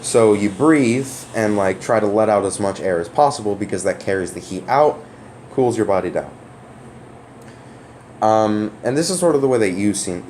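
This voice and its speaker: Man, lowish sonorous voice, casual off-camera explainer, halting and full of restarts. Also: darkish tone, a little hiss or hum, low-quality recording. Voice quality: open, sonorous voice. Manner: rambling and hesitant, with many fillers and restarts. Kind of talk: casual spoken explanation to a viewer. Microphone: off-camera voice recording.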